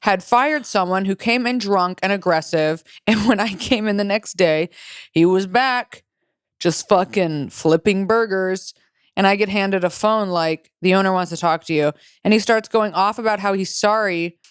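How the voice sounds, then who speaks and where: Young female podcast co-host, crisp voice in a dead-dry booth, foul-mouthed and giggly. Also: mid-range voice, a little slow, no echo. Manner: profane, laughs while reading stories aloud. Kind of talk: casual podcast chat.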